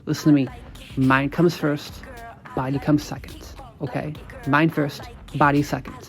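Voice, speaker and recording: A man hosting a podcast, coaching listeners with emphatic, repetitive instructions and casual swearing, dropping lower and quieter when he acts out sample lines. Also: flat delivery, unhurried, gravelly. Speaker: podcast host, dating coach.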